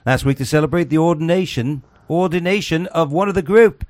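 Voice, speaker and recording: A man's voice: fairly high pitch, fairly quick, a little mellow, no room sound, clean studio sound. A man hosting a casual comedy podcast, joking and rambling as he reads out a news story. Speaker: podcast host.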